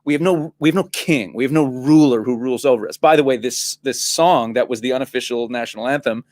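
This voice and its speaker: A man, a rabbi, talking as a guest on a studio talk show, animated and laughing often, restarting and repeating words as he explains. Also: medium pitch, quick pace. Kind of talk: casual talk-show conversation.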